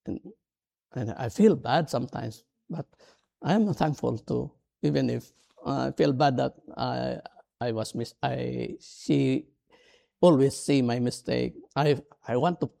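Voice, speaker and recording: A middle-aged male pastor preaching a sermon in English, which is not his first language. His voice is dark and gravelly, and he speaks slowly in an earnest, halting, self-deprecating way. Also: medium pitch.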